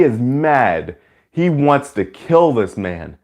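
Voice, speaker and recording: A man giving a casual, rambling spoken movie review, full of "like" and "you know", who breaks into loud high-pitched cheers when excited. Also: slow.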